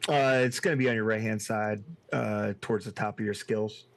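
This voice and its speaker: A man running a tabletop horror game online as game master, laid-back and quick to laugh. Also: fairly low pitch, fairly even intonation. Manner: laid-back, laughs often, says dude.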